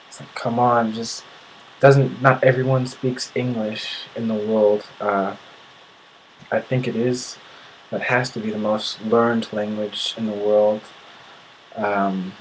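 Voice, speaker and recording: A man's voice: lowish voice, slight background noise, rough recording. A young man from the United States venting in a casual video. He sounds indignant and often restarts his sentences. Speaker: vlogger.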